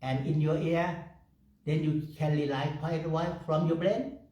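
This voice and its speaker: Slow, echoey male meditation teacher. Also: on the high side, fairly even intonation, warm tone, dull audio. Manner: simple broken English, laughs often, repeats phrases. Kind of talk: guided meditation talk. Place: meditation room. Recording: echoey room, far from the mic.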